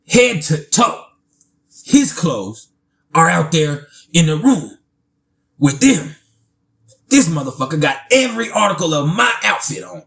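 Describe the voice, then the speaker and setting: A man, telling a casual storytime, animated, laughing often and swearing freely. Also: a little high, unhurried, creaky, pauses often.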